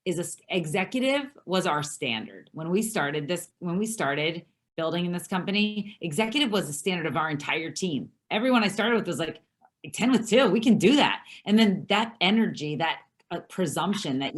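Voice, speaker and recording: A woman's voice: lowish voice, animated, a little fast. A woman hosting a team call, affirming her guest and driving the points home in an emphatic coaching manner. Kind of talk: motivational coaching chat.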